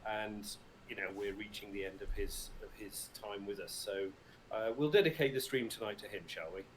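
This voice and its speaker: A man's voice: lowish voice, moderate pace, background noise. A middle-aged English man with a Received Pronunciation accent, chatting as a voice actor guest in a casual livestream interview from his mother's house, joking and laughing easily. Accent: British Received Pronunciation. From England.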